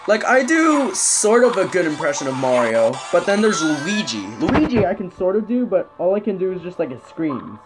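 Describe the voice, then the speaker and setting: Young gamer, rambling let's-play chatter, lowish voice, music under it. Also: female voice, sing-song, normal speed, few pauses. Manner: rambling, hesitant, many fillers. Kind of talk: casual let's-play commentary.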